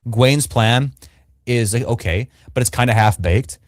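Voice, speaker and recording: As a podcast co-host on a casual livestream fan review, a man talks in a joking, emphatic, playful way. His mid-range voice is unhurried, picked up by a livestream microphone in clean studio sound with no room sound.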